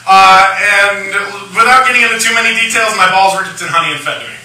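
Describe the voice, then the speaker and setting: A man's voice: high-pitched, fast, heavy background noise. A tipsy young man doing a crude, rambling stand-up set in a lounge bar. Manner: crude, rambling, shock humor. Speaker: stand-up comedian. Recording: echoey room, mic from far off.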